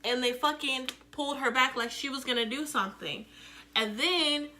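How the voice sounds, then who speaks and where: A young woman tells a story straight to the camera. Her voice is bright and forceful and sits a bit high. She swears freely and acts out the quotes loudly. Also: normal speed, a little hiss or hum. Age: young adult. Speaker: vlogger. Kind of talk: casual storytime.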